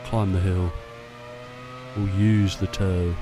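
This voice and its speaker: A man's voice: sits low, level tone, slow, music in the background. A man chatting casually to himself while playing a racing game. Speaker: gameplay streamer. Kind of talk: casual gameplay commentary.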